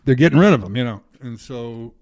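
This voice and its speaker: A middle-aged man telling an animated, profane comedy story, acting out the other people in it. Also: medium pitch, fairly quick. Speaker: guest comedian.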